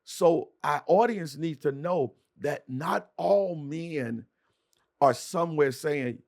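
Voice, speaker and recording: A man's voice: fairly high pitch, animated, slow pace, darkish tone. A man hosting a podcast, talking in a fervent, preacher-like cadence with repeated starts. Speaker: podcast host. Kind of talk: passionate conversational commentary.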